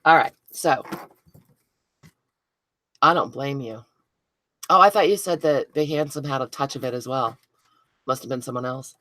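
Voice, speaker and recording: A woman's voice: very deep voice, moderate pace, long pauses, a bit bright, no echo. A woman hosting a live craft stream, chatting casually with viewers by name and poking fun at her own mistakes. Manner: chatty, self-deprecating, talks to viewers by name. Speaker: craft video host.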